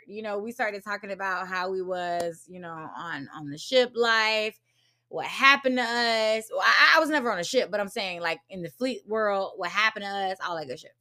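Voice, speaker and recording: A woman hosting a podcast, telling a story in a blunt, profane and animated casual monologue. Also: medium pitch, moderate pace. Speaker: podcast host.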